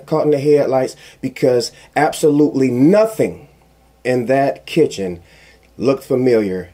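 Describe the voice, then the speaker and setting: A man giving casual commentary, telling a personal story in an animated, emphatic way that repeats phrases for emphasis. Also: medium pitch. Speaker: commentary vlogger.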